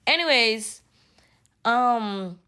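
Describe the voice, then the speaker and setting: A young woman casually telling a story, animated and slipping into patois. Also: fairly high pitch, very slow, clean tone. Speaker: vlogger.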